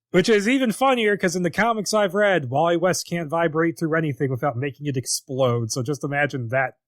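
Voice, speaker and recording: A man's voice: fairly high pitch, normal speed, dry recording, clean studio sound. A man co-hosting a podcast in casual chat, wry and laughing easily as he retells scenes, with some swearing. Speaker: podcast co-host.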